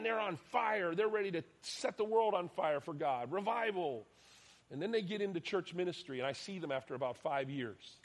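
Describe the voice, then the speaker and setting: A middle-aged man preaching a sermon, telling personal stories with lively swings between loud bursts and hushed asides. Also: a little high. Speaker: pastor.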